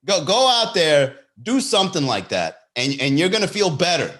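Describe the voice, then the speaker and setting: A man hosting a comedy podcast, telling a story in a loose monologue and jumping into high voices for the people in it. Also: normal speed. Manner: animated, jumps into high-pitched impressions of people in his stories.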